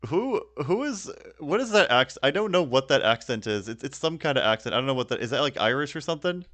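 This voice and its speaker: A man's voice: mid-range voice, sing-song, fast, fairly bright tone. Profane stammering man reacting. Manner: profane, stammering, laughs often. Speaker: streamer reacting to a video. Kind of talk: casual reaction commentary.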